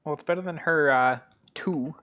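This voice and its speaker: A game master narrating a tabletop game, talking in halting bursts with many fillers. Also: medium pitch, lo-fi sound, slight background noise.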